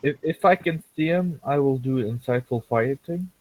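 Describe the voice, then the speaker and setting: A man playing a tabletop game, asking measured questions about the rules. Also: medium pitch, darkish tone, poor audio. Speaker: player.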